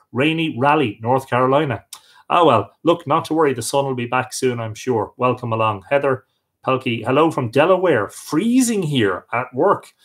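An Irish man hosting a live stream, chatting casually as he reads out and answers viewer comments, with frequent hesitations. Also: medium pitch. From Ireland. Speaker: livestream host.

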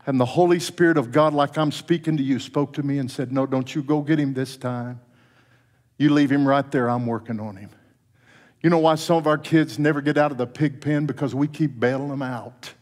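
A middle-aged man preaching a sermon as pastor, telling a story with soft, low quoted lines that climb into fervent passages. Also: a little fast. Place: church sanctuary. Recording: long church reverb.

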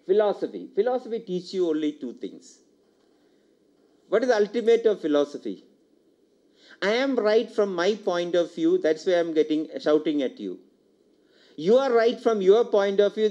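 Older man, Indian English accent, high mellow voice, lecture, questions the audience, dull lo-fi recording. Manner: engaging, fires rhetorical questions at the audience; anecdotal, repeats key points. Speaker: university lecturer. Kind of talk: public lecture. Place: lecture hall.

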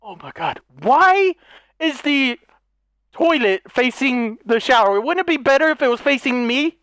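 A man narrating a horror game as he plays, jumpy and excitable, stammering and yelping when startled. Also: very high-pitched, unhurried, clean tone, no room sound, studio quality. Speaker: gaming YouTuber. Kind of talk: horror game let's play commentary.

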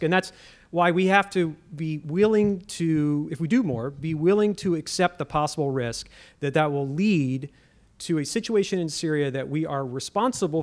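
A man, a former government official, arguing in a public debate. He speaks earnestly, with frequent fillers and restarts. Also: a little high.

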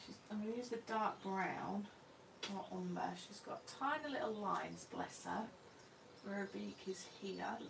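Gravelly-voiced woman painting live, roomy. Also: mid-range voice, a little slow, far from the mic, background noise. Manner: homely and self-deprecating, talks to herself as she works. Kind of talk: live painting demonstration, chatty commentary. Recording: roomy sound from away from the mic.

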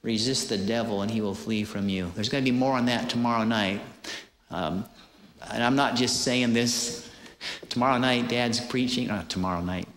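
A male preacher tells a dramatic story in a mid-pitched voice, animated and full of small hesitations. He is recorded in a large hall with strong echo and a long reverb tail. Faint noise sits behind him. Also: moderate pace. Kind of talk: sermon.

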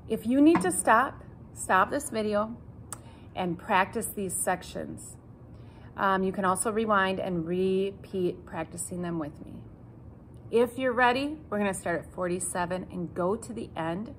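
A woman's voice: mid-range voice, slight background noise. A woman teaching a cello lesson, counting in and calling out notes, patient and self-joking. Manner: patient, repeats instructions, jokes about herself. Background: cello playing along.

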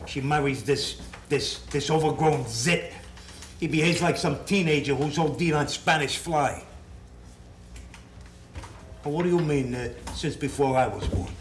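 A man's voice: on the high side, unhurried, a little hiss or hum, natural voice. A man acting as a brash young loan shark who trades insults and gives orders. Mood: blustering. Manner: blustering, insulting, then soothing. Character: young male loan shark, brash, bossy, quick-tempered. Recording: echoey room.

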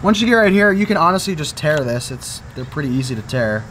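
A young man chatting excitedly to viewers while fishing and cleaning fish outdoors, calling them folks and boys. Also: on the high side, fast, a little hiss or hum. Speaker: fishing vlogger. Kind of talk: casual outdoor vlog tutorial.

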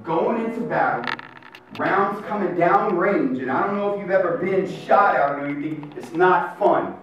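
Man, youth minister, high voice, energetic storytelling, echoey hall, distant mic, guitar behind. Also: normal speed, muffled recording. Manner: energetic storytelling, street slang. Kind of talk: live motivational faith talk. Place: large hall with live audience. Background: guitar music.

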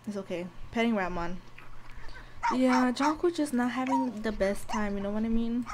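A woman giving casual gameplay commentary, cursing and shouting at the game and speaking to viewers in slangy talk. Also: on the high side, normal speed, a crowd in the background. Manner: profane, loud outbursts at the game; slangy, talks to viewers directly. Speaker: gameplay video host.

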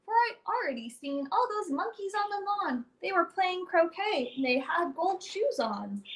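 Her very high voice moves at a moderate pace as this young woman storyteller performs a rhyming picture book for children. The reading is lively and sing-song, swinging dramatically.

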